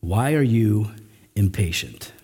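A middle-aged man preaching a sermon as pastor, with animated, emphatic rising runs. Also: lowish voice, slow, husky. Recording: long hall reverb.

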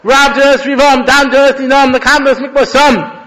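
A man's voice: very high-pitched, flat delivery, moderate pace, sharp tone, poor audio. A man, a rabbi, giving a conversational Torah class, mixing Hebrew phrases into his teaching. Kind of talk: lecture-style Torah class.

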